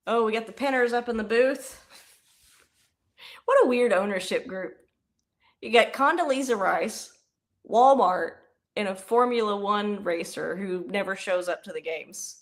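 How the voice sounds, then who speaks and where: Young woman chatting over a football stream, rambly, yells when plays go well. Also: medium pitch, unhurried, long pauses. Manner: chatty, rambling, bursts into excited yelling. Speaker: livestream host. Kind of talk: casual live play-by-play reaction.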